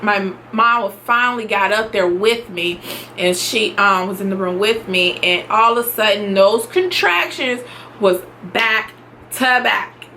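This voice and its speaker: A young woman at home telling her own story in a casual vlog, animated and quick to laugh, acting out what she shouted. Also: mid-range voice, a little hiss or hum.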